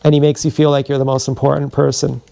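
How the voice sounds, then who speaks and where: A man livestreams a long, wandering personal story. His voice is mellow and low in brightness, with a steady gravelly fry. He swears freely and keeps backing up to restart his sentences. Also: fast talker. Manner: meandering, profane, frequent restarts. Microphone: streaming from a body camera.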